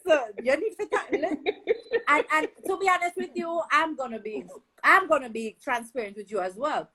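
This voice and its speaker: A woman with a Jamaican accent hosting a casual chat, enthusiastic and quick to exclaim and affirm. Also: high voice, sharp tone, low-quality recording. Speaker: host.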